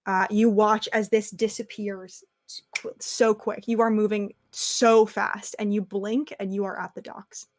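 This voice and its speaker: A woman's voice: mid-range voice, level tone, a little slow, dry recording. Woman game master, descriptive tabletop narration, dry close sound. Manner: vivid descriptive narration with fillers.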